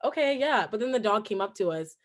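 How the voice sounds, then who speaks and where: A young woman from New Jersey with a New Jersey accent, telling a casual story with swearing and animated quoting. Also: mid-range voice, quick pace. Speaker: guest, cousin of host.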